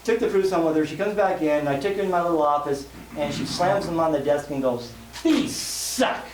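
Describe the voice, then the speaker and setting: His voice is a little high and darkish in tone, and he talks at a quick pace. The man is leading a live sales seminar in front of a conference audience, joking his way through folksy, self-deprecating stories. The recording has a live hall's echo and faint room noise.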